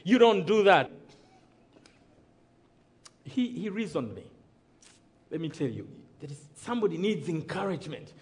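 A man preaching his own testimony in a strikingly high voice. He tells his story dramatically, acts out the dialogue, and keeps checking in with the congregation for an amen. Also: big pitch swings, measured pace, pauses often, darkish tone. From Rwanda. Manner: dramatic storytelling, acting out dialogue, calling for amens. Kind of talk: sermon testimony.

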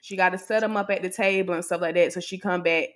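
A woman's voice: fairly low pitch, fast. Exasperated woman telling a story. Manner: animated, exasperated storytelling, acts out the other people's lines. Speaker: podcast co-host. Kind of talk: casual storytelling to a co-host.

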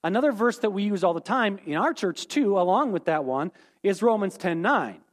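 A man's voice: sits high, animated, normal speed. A man teaching a Bible lesson, explaining terms and repeating key points, often checking in with "okay?".

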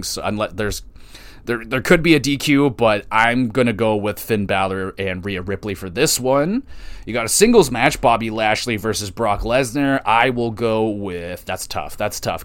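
Casual, excitable man hosting a podcast. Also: lowish voice, no room sound. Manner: casual, profane and excitable, thinking aloud. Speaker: podcast host. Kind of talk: solo wrestling podcast predictions.

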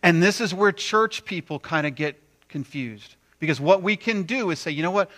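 A man preaching a sermon, animated, acting out quoted voices with big swings between loud and quiet. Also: high-pitched, moderate pace. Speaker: pastor.

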